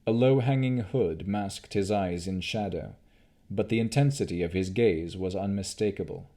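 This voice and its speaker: A man narrating an audiobook of a fantasy novel in a measured, deliberate reading. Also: sits low, mellow.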